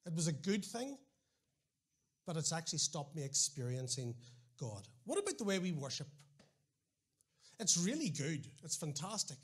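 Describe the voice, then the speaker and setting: High-voiced Northern Irish preacher. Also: male voice, normal speed, pauses often, breathy edge. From Northern Ireland. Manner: animated storytelling with repeated restarts and wry asides. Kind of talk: sermon.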